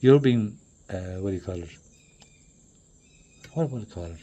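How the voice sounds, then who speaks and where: A man in a rambling, profane monologue that swings between loud outbursts and low mutters. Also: animated, moderate pace, highs cut off.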